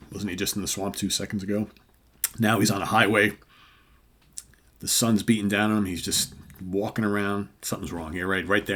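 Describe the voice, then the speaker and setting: Deep-voiced older man retelling comics. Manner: animated storyteller, acts out dialogue with filler words. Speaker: comic book show co-host. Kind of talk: casual retelling of comic stories.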